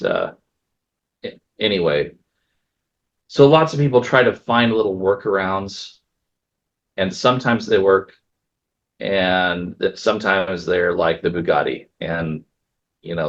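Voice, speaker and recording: A man's voice: sits low, unhurried, pauses often. A man who is an attorney giving a casual seminar talk, telling stories with many fillers. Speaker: estate planning attorney. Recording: dull lo-fi recording.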